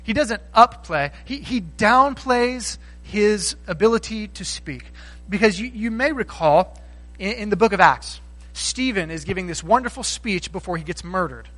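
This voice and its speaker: A man delivers a conversational sermon. His voice sits high and sounds bright and forward. He slips into the voices of the people he quotes. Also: expressive, moderate pace, poor audio. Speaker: pastor.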